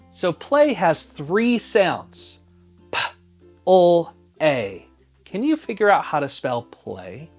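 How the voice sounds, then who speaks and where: Slow, patient phonics teacher. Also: medium pitch. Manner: slow, patient, sounds out each letter and asks the listener to spell along. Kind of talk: phonics spelling lesson for young children.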